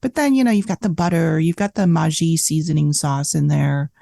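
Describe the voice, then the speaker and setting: Woman, 50s, cookbook author guest; animated, filler-heavy storyteller; slight fry, dry booth. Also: low voice, brisk, dry recording. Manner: animated storyteller, lots of "like" and "you know". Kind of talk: casual storytelling interview.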